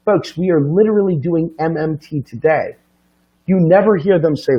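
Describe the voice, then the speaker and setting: A man giving an impassioned, profane monologue, hammering rhetorical questions and swinging between low, quiet stretches and sudden high, loud bursts. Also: moderate pace, dull audio. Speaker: political commentator.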